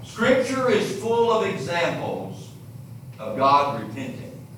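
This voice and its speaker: A high-pitched male preacher delivers his sermon at an unhurried pace and acts out the scripture stories he retells. He is recorded from a distance in a strongly echoing hall. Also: wildly swooping pitch, pushed and bright, a little hiss or hum. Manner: storytelling, retelling scripture with dramatic emphasis. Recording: very echoey room, distant mic.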